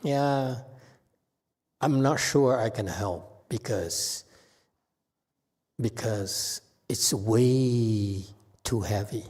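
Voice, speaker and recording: Unhurried male meditation teacher in a reverberant hall, checking in with listeners as he talks. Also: mid-range voice, a little mellow, breathy edge. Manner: unhurried, with frequent "okay?" checks. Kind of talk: dharma talk answering questions.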